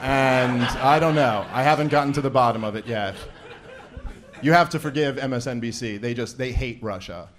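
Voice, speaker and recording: A man's voice: medium pitch, moderate pace, a little hiss or hum. A man doing a stand-up comedy set on a live event stage, sarcastic and rambling, often laughing at his own jokes. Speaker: stand-up comic opening an event.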